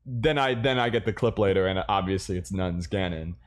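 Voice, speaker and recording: A man's voice: sits low, a little fast. Swearing, self-mocking gamer guy. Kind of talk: casual gaming chat.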